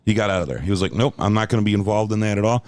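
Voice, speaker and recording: A man hosting a podcast in casual chat, telling animated, profane stories and slipping into put-on voices. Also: fairly low pitch, rapid-fire. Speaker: podcast host.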